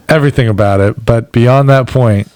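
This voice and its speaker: A man's voice: mid-range voice, darkish tone, dry recording. Man tossing in joking asides, dry sound. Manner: quick, joking asides and quips. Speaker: podcast co-host. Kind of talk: casual chat.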